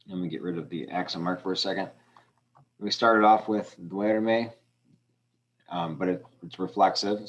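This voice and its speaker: Low-voiced man explaining a lesson. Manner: patient, explaining step by step with fillers. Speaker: Spanish teacher. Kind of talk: screen-recorded lesson walkthrough.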